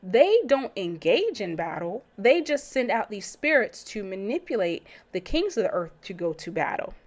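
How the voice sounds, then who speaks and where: A woman's voice: medium pitch, very animated, normal speed. A woman teaching about the Bible in a casual, conversational way, asking rhetorical questions as she goes.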